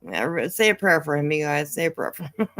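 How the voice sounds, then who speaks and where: A woman's voice: deep voice, very animated, normal speed, fairly bright tone, dry recording. A woman giving casual live commentary, swearing freely, mocking, and often laughing. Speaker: commentary streamer.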